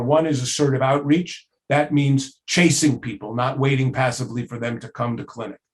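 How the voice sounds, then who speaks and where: A man lecturing at a workshop in a relaxed, conversational manner, working through a list of ideas. He often pauses on "uh" and lets his voice drop quietly as he wraps up a point. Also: medium pitch. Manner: conversational, with frequent "uh" fillers and listing. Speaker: trainer. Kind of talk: recorded training lecture.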